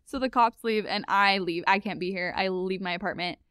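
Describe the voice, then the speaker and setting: A young woman recounts a bizarre true story in a casual, chatty way. Her voice is smooth and clear at a middle pitch, and she jumps up high whenever she acts out what someone said. The recording is dry and close. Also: a little fast, no room sound. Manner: animated, acts out quoted lines in a higher voice. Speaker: guest telling a story.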